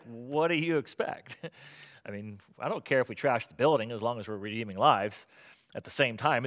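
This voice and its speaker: Middle-aged male pastor, bright forceful tone, lively conversational sermon delivery. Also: medium pitch. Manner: animated, conversational preaching with rhetorical questions.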